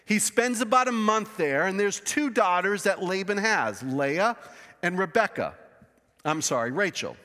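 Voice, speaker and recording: A man's voice: high voice, expressive, measured pace, pushed and bright. A man preaching a sermon as pastor, telling the story emphatically with many restarts. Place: church sanctuary. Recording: reverberant church hall.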